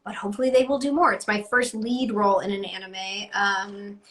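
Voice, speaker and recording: A woman's voice: mid-range voice, little pitch movement, brisk, fairly bright tone. A woman in her thirties, a guest voice actor, talking in a rambling, self-deprecating way full of "like". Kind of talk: casual interview chat.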